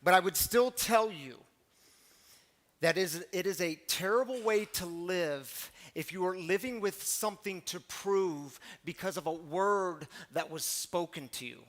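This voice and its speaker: A man in his forties preaches in a relaxed, conversational way, telling personal stories and turning to the congregation with questions. His voice sits fairly high for a man, and his delivery stays lively and animated. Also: measured pace. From Missouri. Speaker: pastor. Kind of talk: storytelling sermon.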